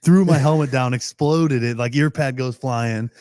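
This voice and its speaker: A man's voice: mid-range voice, moderate pace, darkish tone, no echo, clean studio sound. A young man, a pro football player, telling stories as a podcast guest, rambling and laughing often, with casual cursing.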